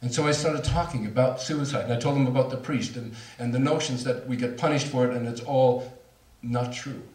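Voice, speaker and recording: A man's voice: mid-range voice, steady tone, brisk, a little mellow. Middle-aged man telling a story from far off. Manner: candid, self-mocking, laughs through the story. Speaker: speaker. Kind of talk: storytelling talk to an audience. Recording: roomy hall, voice from far off.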